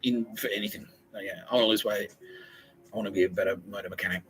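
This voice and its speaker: A man's voice: fairly low pitch, steady tone, quick pace, fairly bright tone, poor audio. A man hosting a comedy podcast, rambling through a jokey monologue and swearing heavily. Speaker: podcast host.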